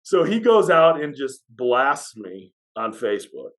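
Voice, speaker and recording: A man who works as a high school athletic director tells a story on a podcast. He is lively and acts out what other people said. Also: unhurried, poor audio.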